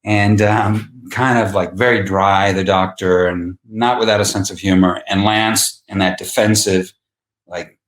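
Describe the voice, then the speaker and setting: A man's voice: deep voice, a little slow. Man telling a story in a roomy room. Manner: animated, laughing, acts out quotes. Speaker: guest actor. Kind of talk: anecdotal storytelling.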